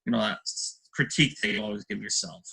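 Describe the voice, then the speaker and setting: A man's voice: fairly low pitch, fairly even intonation, fast talker, creaky, sharp tone, husky, low-quality recording. A man hosting a podcast interview, asking long, rambling questions full of fillers.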